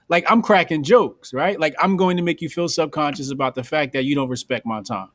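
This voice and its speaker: A man's voice: fairly high pitch, fairly bright tone, no echo. Blunt slangy man on a podcast. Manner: blunt, slangy, acts out quick mock dialogue. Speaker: podcast host. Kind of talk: casual podcast chat.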